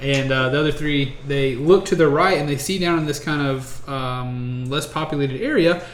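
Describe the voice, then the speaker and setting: A man's voice: fairly high pitch, moderate pace. A man narrating a tabletop game as game master, hesitant with many fillers and restarts. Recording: echoey room, faint noise.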